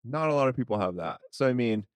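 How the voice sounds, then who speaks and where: A man's voice: mid-range voice, animated, quick pace, smooth, no room sound. A man co-hosting a casual podcast chat in a laid-back, offhand way. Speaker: podcast co-host.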